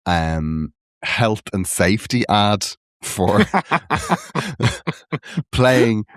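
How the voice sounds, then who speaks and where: A man's voice: on the low side, expressive, drawn-out words, dry recording, studio quality. A man co-hosting a comedy podcast, chatting animatedly, joking and laughing often. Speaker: podcast co-host. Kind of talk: casual comedy chat.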